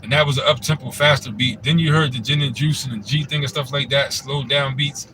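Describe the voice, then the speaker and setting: A man's voice: mid-range voice, steady tone, a little fast, sharp tone, poor audio. Man, casual commentary host, laid-back, rambling, mid-range voice, audible background noise. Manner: laid-back, rambling, frequent "you know what I'm saying".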